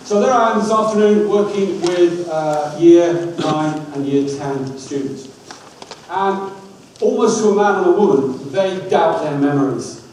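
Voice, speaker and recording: A man giving a lively talk on dyslexia, coaxing the audience through activities with wry asides. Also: fairly high pitch, measured pace, recorded from a distance. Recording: echoey hall, speaker off-mic, faint room hum.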